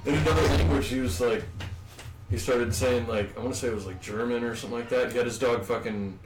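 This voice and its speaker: A man casually telling a long story with a lot of swearing, in a loose, rambling, animated way. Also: medium pitch, distant mic. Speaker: podcast co-host. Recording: echoey room, off-mic, faint ambience.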